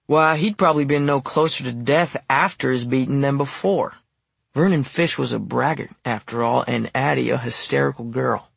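Male audiobook narrator, gravelly, husky, wry measured telling. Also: mid-range voice, no room sound. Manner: measured, wry first-person storytelling.

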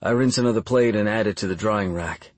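Man, audiobook narration, calm and measured, low voice, dry close sound. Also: no room sound. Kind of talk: first-person audiobook narration.

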